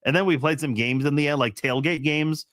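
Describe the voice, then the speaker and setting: Hosting a casual live-stream chat, a man with a fairly high, fairly bright voice reads viewer comments at a fairly quick clip. The audio has no echo, and his delivery rambles with frequent laughs, fillers and restarts.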